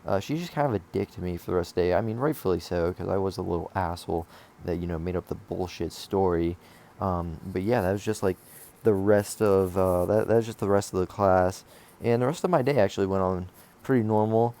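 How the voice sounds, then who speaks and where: A man's voice: low voice, a little fast, warm tone. A young man telling a casual storytime, rambling and swearing with lots of fillers and restarts. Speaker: vlogger telling a school story.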